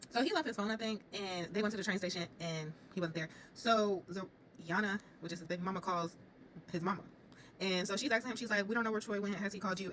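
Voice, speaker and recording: A woman's voice: medium pitch, fairly bright tone, a little hiss or hum, rough recording. A woman giving casual, opinionated commentary as she recaps a reality show, talking straight to her viewers.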